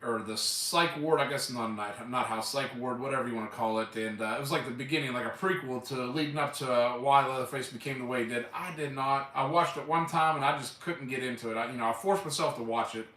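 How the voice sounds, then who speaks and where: A man chatting loosely on a live stream, enthusiastic and rambling, dropping casual curses. His voice is bright and a bit sharp. The sound is echoey, with the mic set some way from him. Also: medium pitch, brisk, hardly any pauses. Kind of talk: casual chat. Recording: echoey room, mic at a distance.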